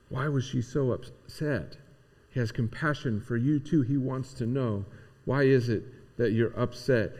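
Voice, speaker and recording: A male pastor preaching a sermon in an earnest, searching way, asking his listeners question after question and pushing up to emphatic high points. His mid-pitched voice carries a long hall reverb, as if he stands in a church sanctuary. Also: a little mellow.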